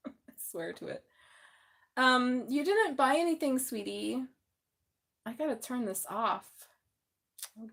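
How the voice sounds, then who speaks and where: A woman's voice: a little high, fairly bright tone. A middle-aged woman with a Southern accent hosts a live tarot reading, chatting and joking with viewers in a slightly mumbly voice. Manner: chatty and joking, laughs often, talks to the chat. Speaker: tarot reader hosting a live stream.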